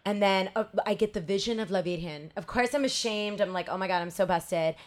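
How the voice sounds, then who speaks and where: This is a woman chatting as a podcast guest. Her delivery is animated and full of laughter, and she slips into acted-out quotes as she tells the story. Her voice sits at an ordinary middle pitch. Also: fairly quick. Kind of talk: casual storytelling chat.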